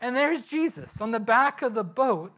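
A man's voice: very high-pitched, big pitch swings, normal speed, a bit bright, pitched above the performer's own voice, full character voice. A preacher doing an old fisherman retelling a storm. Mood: excited. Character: grown man, a fisherman, retelling a near-drowning with amusement.

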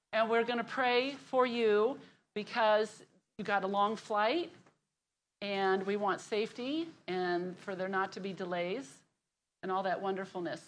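A middle-aged woman with a lilt runs a church women's group, making announcements, telling a funny family story and leading prayer. She talks in a lively, chatty way and laughs often. A faint noise sits under her voice. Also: a little high.

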